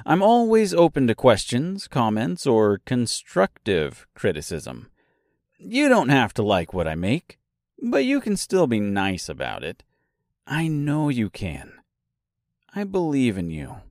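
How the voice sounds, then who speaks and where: Slow, animated man hosting a podcast. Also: medium pitch, no echo, clean studio sound. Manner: playful, fond of puns and dad jokes; chatty, addresses listeners directly. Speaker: podcast host and author. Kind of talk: solo book discussion podcast.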